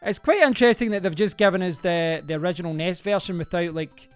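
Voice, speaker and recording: A man's voice: sits high, quick pace, clear, resonant tone, faint music behind. A man chatting casually to viewers during a live stream, reacting aloud to the game as he plays and rambling into stories. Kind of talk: casual live-stream chat while playing.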